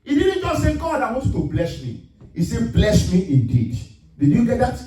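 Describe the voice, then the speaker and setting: A male pastor preaching a sermon, rising to emphatic shouts as he reads scripture. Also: high voice, very animated, moderate pace. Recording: echoey room, mic at a distance.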